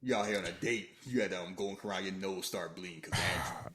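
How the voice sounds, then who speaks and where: A man's voice: low voice, a little fast, noisy background. A man co-hosting a casual podcast, joking through a film and acting out its lines in put-on voices. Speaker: podcast co-host. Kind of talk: casual movie commentary chat.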